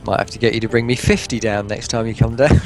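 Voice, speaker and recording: A man's voice: medium pitch, steady tone, fast, faint music behind. A man, a guest on a stream, chatting in a rambling, teasing way and laughing at his own jokes. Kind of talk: casual chat.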